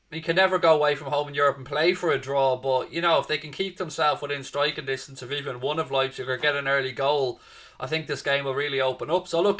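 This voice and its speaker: A man's voice: fairly high pitch, pushed and bright. A man hosting a live football watchalong stream, chatting casually and greeting viewers by name with matey banter. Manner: addresses listeners as mate and folks. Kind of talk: live casual match-preview chat.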